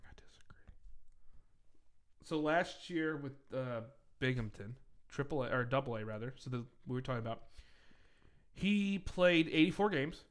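A man's voice: mid-range voice, animated, normal speed. A man co-hosting a casual podcast, joking and swearing freely and laughing often as he talks about baseball. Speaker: podcast co-host.

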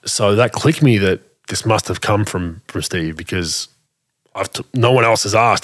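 A man telling a story in a casual way, animated and full of restarts, acting out the dialogue. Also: fairly low pitch, normal speed. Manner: animated, acts out quoted dialogue, frequent restarts.

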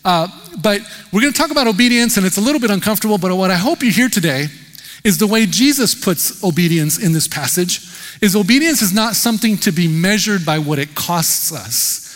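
High-voiced man preaching in a reverberant hall. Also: lively intonation, a little fast, a bit bright. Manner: conversational, emphatic preaching with rhetorical questions. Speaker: pastor. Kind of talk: sermon.

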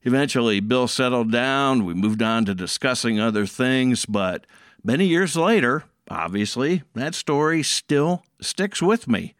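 Slow, folksy male storyteller. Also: medium pitch, animated, smooth, dry recording, studio quality. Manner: folksy, conversational.

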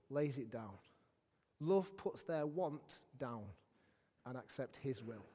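Guy preaching, chatty and self-deprecating, high voice, long church hall echo. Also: darkish tone. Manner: chatty, self-mocking, with many asides. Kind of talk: sermon.

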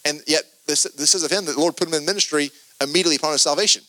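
A man preaching a podcast sermon, earnest and animated, reading scripture with emphatic stress and loose restarts. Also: on the high side, rapid-fire, poor audio.

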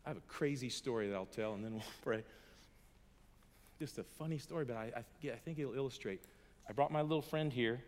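A middle-aged American man preaching a sermon to a hall audience, earnest and emphatic, going from hushed to loud and chuckling through his stories. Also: medium pitch, brisk. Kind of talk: sermon with personal storytelling. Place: large hall before an audience. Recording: long echoey hall reverb.

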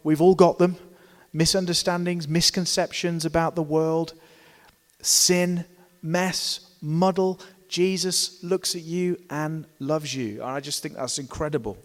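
A man preaching a sermon in a church, emphatic and dynamic, pressing hard on key words and then dropping to a hushed tone. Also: on the high side, fairly even intonation, a little slow, big-room sound. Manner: emphatic, swings between loud stresses and quiet drops.

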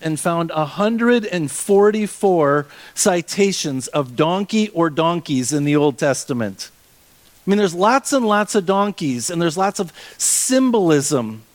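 A male pastor preaching a sermon, reading scripture and retelling it with playful, animated asides. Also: on the high side.

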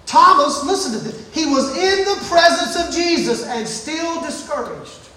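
A man with a very high voice preaches in a church. He swings between shouting and hushed asides. The sound is heavily echoey, from a mic set back from him. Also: animated, unhurried. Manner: shouting and dropping to near whispers, playful asides. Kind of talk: sermon. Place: church sanctuary. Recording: very echoey room, mic at a distance.

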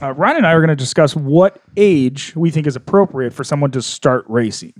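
A relaxed, wry man co-hosts a podcast, his voice sitting a little high. The sound is close and dry. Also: brisk, no echo. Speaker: podcast co-host. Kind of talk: casual chat.

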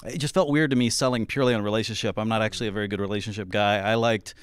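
Fast-talking rambling man guest. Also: lowish voice, steady tone, smooth, no room sound, studio quality. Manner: self-deprecating, rambling, restarts. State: out of breath. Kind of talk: casual live-stream chat.

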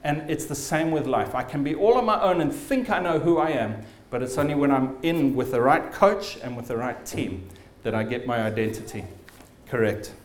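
A man's voice: medium pitch, lively intonation, normal speed, echoey room. A man preaching a sermon as pastor, telling stories vividly and with emphasis.

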